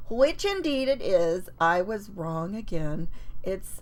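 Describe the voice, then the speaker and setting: A woman's voice: medium pitch, expressive, takes it slowly, rough recording. A woman hosting a live paper-craft demonstration from her home craft desk. She chats casually and greets viewers by name as she works.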